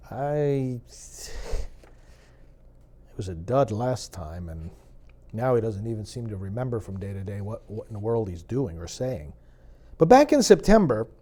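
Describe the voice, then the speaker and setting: A middle-aged priest hosting his own show delivers direct-to-camera commentary, addressing the viewer with a sarcastic, preachy edge that rises into fervent emphasis. His fairly high pitch swings widely, while his tone remains mellow rather than bright.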